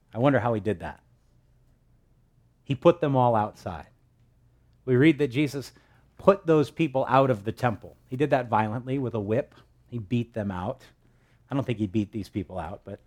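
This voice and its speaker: A male pastor preaching a sermon, emphatic, pushing up to loud stresses. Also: mid-range voice.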